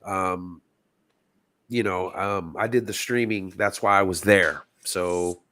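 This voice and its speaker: A man's voice: deep voice, fairly even intonation, slow pace, fairly bright tone, no room sound. A man from Texas, a guest sounding stuffy from a cold, telling stories in an earnest, reflective way. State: stuffy, sick. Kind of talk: casual chat.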